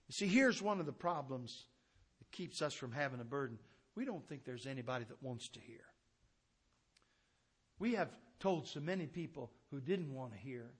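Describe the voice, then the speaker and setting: A man preaching a sermon with fervor, swinging from loud to hushed. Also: mid-range voice, moderate pace, pauses often, husky.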